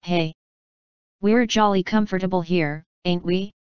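A woman's voice: fairly low pitch, steady tone, a little slow, smooth, no room sound, highs cut off, lightly acted. A woman voicing a brash, streetwise young boy in a storybook reading, bossy and slangy. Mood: cocky.

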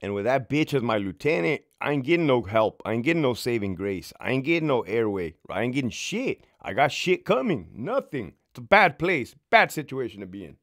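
A man's voice: mid-range voice, big pitch swings, brisk, hardly any pauses, a bit bright, no echo, clean studio sound. A man, a former prison sergeant, telling his own story to camera in a casual, heated, profanity-filled way.

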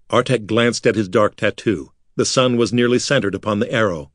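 A man reads fantasy fiction aloud in a measured, dramatic manner. His voice sits on the low side and sounds dry and close. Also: no room sound. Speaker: audiobook narrator. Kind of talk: scripted narration.

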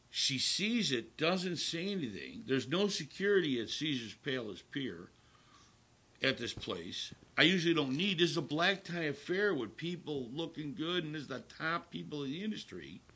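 A man's voice: medium pitch, a bit bright, breathy edge. A man in his sixties, a talk show guest, telling a personal story emphatically and repeating his phrases.

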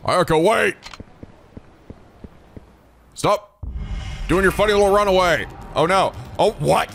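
A man hosting a let's play, commenting with excitable, shouty, profane jokes. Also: high voice, slow pace, creaky, soft background music. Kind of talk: gaming commentary.

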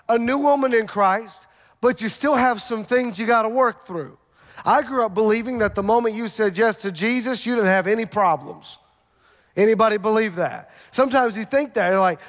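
A male pastor preaching a lively sermon, firing off rhetorical questions with bits of humor. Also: extremely high pitch, normal speed. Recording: long reverb of a large church hall.

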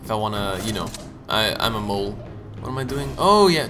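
A young man giving casual gaming commentary, joking, swearing and punning, with sudden loud outbursts. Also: on the low side, very animated, brisk. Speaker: let's play gamer. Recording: game music behind the voice. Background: game music.

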